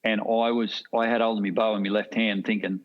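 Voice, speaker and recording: A man's voice: on the low side, brisk. Rambling Australian man telling stories. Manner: rambling, animated anecdotes with frequent restarts. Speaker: guest hunter. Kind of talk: casual storytelling. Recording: dull lo-fi podcast audio.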